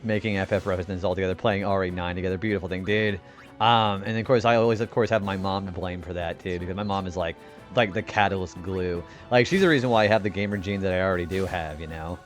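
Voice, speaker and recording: A man's voice: sits low, steady tone, fast talker, soft background music. A young man doing laid-back commentary on a game live stream, chatting with viewers and laughing often.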